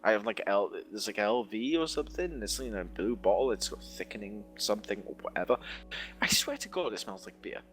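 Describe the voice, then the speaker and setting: Lively rambling young man chatting. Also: on the low side, fairly quick, faint music behind. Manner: rambling, laughs often, blurts things out. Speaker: podcast co-host. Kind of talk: casual chat.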